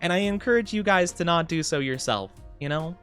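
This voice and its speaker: Guy vtuber yapping to chat, kinda high voice, super bouncy and animated, laughs a lot, soft music in the back. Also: brisk. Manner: rambling, chatty, frequent laughs and "like" fillers; excitable, gasping greetings to viewers. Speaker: VTuber streamer reading chat. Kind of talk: casual livestream chat while gaming.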